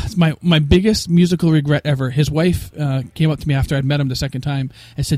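Man, musician guest, casual interview, animated storyteller, quick talker, dead-dry sound. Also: on the high side, no echo. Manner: animated, acts out quoted voices.

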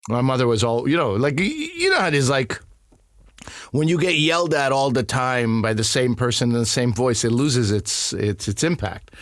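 Animated man telling stories in a dry room. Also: medium pitch, normal speed, no echo. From Pakistani family. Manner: animated, acts out other people's voices. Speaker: guest. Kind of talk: conversational storytelling.

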